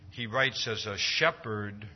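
Male preacher, conversational sermon, keeps asking "See?", slightly dull recording. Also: takes it slowly. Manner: acts out quoted dialogue with rising pitch.

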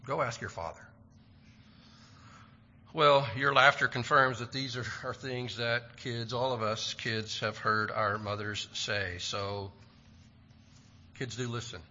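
A man's voice: medium pitch, little pitch movement, a little slow, pushed and bright. A man preaching a sermon with a plain, lightly humorous manner. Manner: plain-spoken and lightly humorous, quoting stock sayings. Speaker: pastor. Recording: dull lo-fi recording.

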